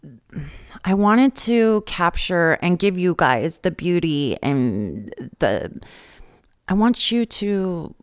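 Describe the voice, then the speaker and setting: A woman's voice: on the low side, slow pace, clean tone, no room sound, clean studio sound. A woman hosting a casual conversation, telling stories animatedly and acting out what others said. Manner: animated storytelling, acts out quotes. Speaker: host.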